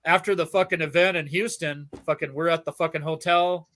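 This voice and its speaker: A man's voice: fairly high pitch, fairly even intonation, brisk, a bit bright. A man hosting a podcast, chatting casually and telling rambling, profane stories with lots of laughter. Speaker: podcast host. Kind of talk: casual chat.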